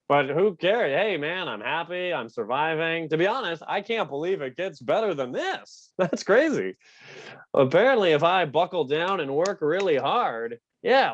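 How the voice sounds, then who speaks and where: A man from Canada doing a self-mocking stand-up set over a video call, with a shrill, buzzy voice and laughs between jokes. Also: no room sound. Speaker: stand-up comedian. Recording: dry, muffled video-call audio.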